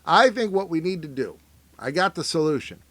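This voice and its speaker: A middle-aged man riffing casually on memes, rambling and wry, filling pauses with "uh" and sometimes slipping into mock voices. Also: fairly high pitch, animated, fairly bright tone, no echo. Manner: rambling, wry, self-interrupting with fillers; mock voices for people he quotes. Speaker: comedian reacting to memes. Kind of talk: casual comic commentary.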